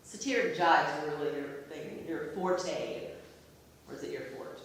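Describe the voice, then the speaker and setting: A woman acting a teasing, sharp-tongued wife who speaks in a dry, matter-of-fact way, performed on a theatre stage. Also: low-pitched, measured pace, a little hiss or hum. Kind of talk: amateur stage comedy acting. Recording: echoey hall, from far off.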